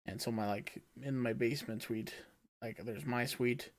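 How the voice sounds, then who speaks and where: A man's voice: medium pitch, fairly even intonation, moderate pace. A man co-hosting a podcast, telling a story in casual chat, swearing freely and acting out what he said. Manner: swears freely, acts out his own past lines. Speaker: podcast co-host.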